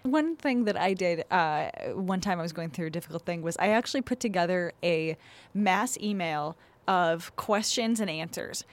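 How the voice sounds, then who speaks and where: A woman's voice: on the low side, expressive, normal speed. A woman co-hosting an advice podcast in frank, chatty casual talk, laughing easily. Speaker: podcast co-host giving advice. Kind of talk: casual chat.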